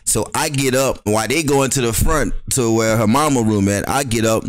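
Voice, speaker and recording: A young man on a podcast telling a wild story with loud laughter and acted-out voices. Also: mid-range voice, normal speed, dry recording. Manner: loud, laughing, acts out voices in his stories. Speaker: podcast co-host. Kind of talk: animated storytelling.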